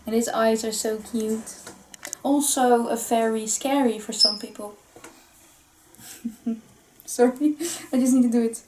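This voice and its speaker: A woman with a fairly high voice talks her way through an unboxing in a loose, casual vlog chat. She giggles often and rambles cheerfully between items. A faint background hiss sits under her voice. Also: steady tone, unhurried, long pauses, warm tone. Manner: chatty and giggly, laughs often. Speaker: vlog host.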